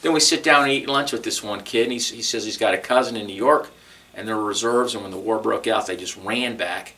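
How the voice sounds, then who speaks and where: A lower-pitched man with a Texan accent tells his story in an oral history interview. His voice is bright and forceful and sits a little back from the mic. He talks conversationally, restarting phrases and acting out the dialogue he recalls. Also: a little fast, far from the mic.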